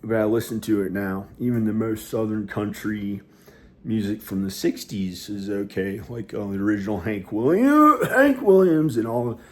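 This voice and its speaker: A man talking at home in a rambling personal monologue, hesitant and halting, with many restarts and fillers. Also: lowish voice. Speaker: vlogger. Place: inside his house.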